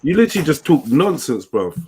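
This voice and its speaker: A man's voice: a little high, very animated, a little fast, a crowd in the background. Confrontational man. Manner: confrontational, pressing questions. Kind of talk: casual chat.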